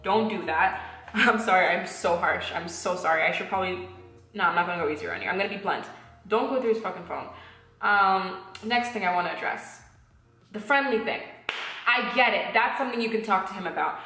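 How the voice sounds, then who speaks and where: A woman's voice: medium pitch, fairly quick, bright, forceful tone. A young woman giving blunt, candid relationship advice in a casual talk, swearing freely and acting out little exchanges. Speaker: advice giver. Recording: echoey room with faint music.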